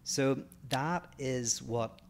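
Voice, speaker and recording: A man's voice: mid-range voice, very slow, slight background noise. Northern Irish man musing on philosophy. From Northern Ireland. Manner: thoughtful, restarts mid-phrase. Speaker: podcast co-host, philosopher. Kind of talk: casual philosophical chat.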